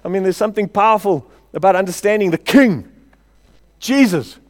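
A man preaching a passionate sermon as pastor, building to shouted declarations. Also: sits high, lively intonation, normal speed. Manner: passionate, rising to shouts, chuckling between points. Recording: hall reverb.

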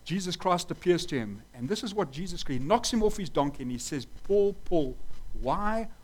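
A man's voice: on the high side, animated, fast talker, poor audio. A man preaching a sermon fervently, asking rhetorical questions and stressing his points.

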